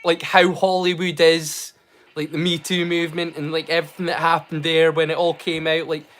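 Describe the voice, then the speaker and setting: Man, high voice, casual livestream chat, excitable, lots of fillers and restarts, mild stammer. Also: moderate pace. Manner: hesitant, many fillers and restarts; mild stammer he keeps hidden. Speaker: livestream host.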